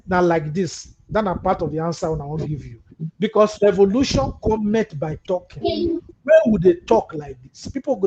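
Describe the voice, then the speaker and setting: High-voiced Nigerian man hosting, lo-fi. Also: darkish tone. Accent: Nigerian Pidgin English. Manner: mixes Pidgin and English, reads viewer comments aloud, mocking asides. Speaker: host. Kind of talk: live call-in political talk show. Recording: muffled lo-fi audio with faint hiss.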